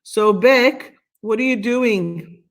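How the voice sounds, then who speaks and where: Speaking slowly with a little high pitch and some vocal fry, a middle-aged Israeli woman guest-hosts a live stream. She leads a guided meditation and reads oracle cards, soothing and affirming, with slightly phrasing.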